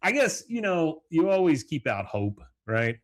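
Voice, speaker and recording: A man's voice: on the high side, big pitch swings, a little slow. A middle-aged man hosting a solo podcast, recapping a cartoon episode in a rambling, casual way with chuckling asides. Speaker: podcast host. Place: home, with morning coffee.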